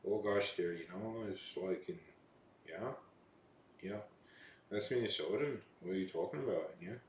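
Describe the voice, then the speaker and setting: A man's voice: low voice, normal speed, a little mellow, slight background noise, natural voice. A man putting on a Canadian accent to imitate a chatty, folksy relative, with sentences that rise at the end like questions. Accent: put-on Canadian. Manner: cheery, rising question-like endings. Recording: echoey room.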